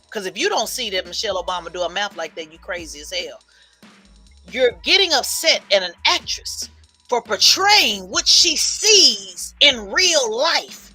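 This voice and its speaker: A woman's voice: mid-range voice, big pitch swings, a little slow, bright, forceful tone, slightly rough. A woman political commentator giving an emphatic, preachy livestream monologue and repeating lines for effect. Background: faint music.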